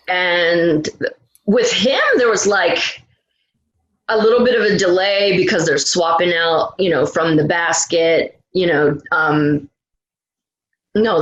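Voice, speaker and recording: A woman's voice: fairly low pitch, a bit bright, highs cut off. A woman, a retired rescue swimmer, telling a story in a casual interview, full of restarts and laughs. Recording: roomy, echoey room.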